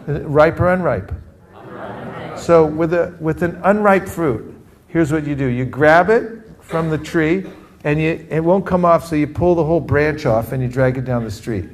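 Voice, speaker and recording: Energetic man leading a group drill. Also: a little high, a little slow. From California. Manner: energetic, calls for audience responses. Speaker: teacher leading a training session. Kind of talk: interactive workshop talk. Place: room with a live group.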